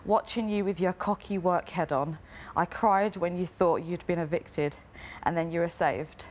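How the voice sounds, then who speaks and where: A woman's voice: fairly low pitch, slight background noise. A young woman, a reality show contestant, reading a family letter aloud in an emotional way. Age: young adult. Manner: emotional, breaking into laughter while reading.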